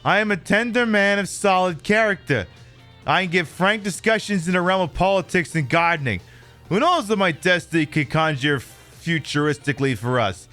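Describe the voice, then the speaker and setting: A man's voice: high voice, bright, forceful tone, pitched above the performer's own voice. A man voicing a pompous male letter writer who wants more wives, delivered grandly and with self-satisfaction.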